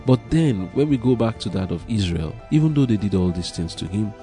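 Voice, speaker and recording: Earnest male preacher with a dark voice. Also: lowish voice, animated, fairly quick, soft background music. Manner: earnest, swings from hushed to emphatic. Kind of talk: sermon with scripture reading.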